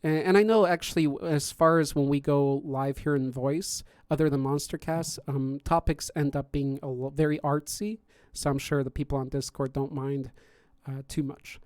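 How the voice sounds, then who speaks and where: This podcast host and contest judge has a fairly high, slightly mellow voice with fairly even intonation, a moderate pace, and no echo. He chats casually on his stream about the judging, rambling with lots of fillers and false starts.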